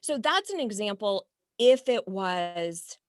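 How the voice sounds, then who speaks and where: A woman in a podcast conversation explains how to handle hard talks, working through sample phrases in an earnest, patient way. Her voice sits at an ordinary middle pitch. The sound is close and dry, as on a remote call. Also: expressive, takes it slowly, dry recording. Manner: earnest, explains with acted-out example dialogue. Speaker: podcast guest, life coach and hypnotherapist.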